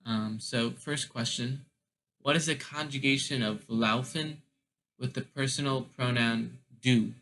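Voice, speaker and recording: A man explaining German verb grammar in a casual lesson, deliberate and full of ums and restarts. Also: medium pitch, fairly bright tone, rough recording. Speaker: German teacher.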